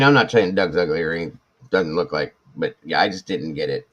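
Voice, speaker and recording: A man in his forties chats casually on a live stream, answering viewers in a rambling, self-mocking way full of restarts. His voice sits low and deep. The audio is dull and lo-fi. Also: normal speed, fairly bright tone. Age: 40s. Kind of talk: casual chat reading viewer comments.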